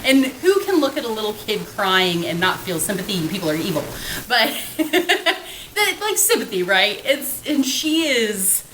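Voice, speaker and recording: A woman co-hosting a podcast in casual chat, dramatic and animated, often breaking into laughter. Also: medium pitch, a little slow, a little hiss or hum. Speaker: podcast co-host. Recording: roomy echo.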